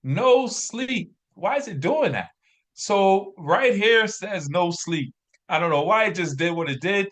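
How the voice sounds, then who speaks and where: High-voiced, slow-talking man coaching. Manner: energetic, preachy, drawing on a screen while talking. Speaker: business coach. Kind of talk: motivational training talk.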